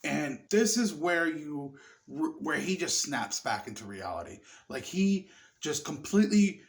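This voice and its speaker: Excitable, foul-mouthed man, slightly high voice. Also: a little slow, vocal fry. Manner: rambling and profane, excitable. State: tipsy. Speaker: movie reviewer. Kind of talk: casual film review.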